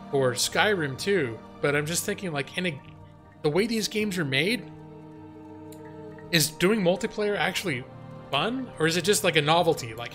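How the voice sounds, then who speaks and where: A young man hosts a live game stream in a lively, joking way, reacting to his chat. His voice sits somewhat high, with faint game music underneath. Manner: animated, laughing, reads chat and jokes aloud.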